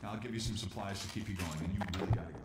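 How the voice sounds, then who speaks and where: A man's voice: on the low side, rapid-fire, very noisy, close to an everyday voice. An actor playing an adult male resistance fighter in a video game, giving urgent warnings. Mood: relieved.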